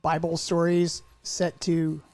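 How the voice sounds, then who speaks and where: Casting: male podcast co-host, a bit high-pitched, rambling and jokey. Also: completely flat delivery, darkish tone, no echo. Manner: rambling, jokey, quick to put on silly voices. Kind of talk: casual chat.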